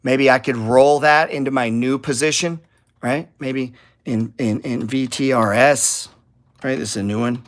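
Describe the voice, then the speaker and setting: A man's voice: mid-range voice, fairly even intonation, a little slow. Blunt, profane man talking trades. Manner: blunt, profane, rambling, gets heated and louder. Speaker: stock trading channel host. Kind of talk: casual trading talk to viewers.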